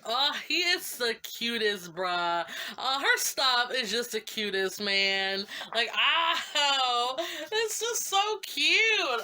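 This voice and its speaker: A woman's voice: mid-range voice, sharp tone, slight background noise. A young woman vlogging an unboxing in casual chat, giddy and gushing, with slangy fillers and frequent laughs and squeals. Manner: slangy, lots of fillers like "like" and "you know". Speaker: vlogger unboxing fan art.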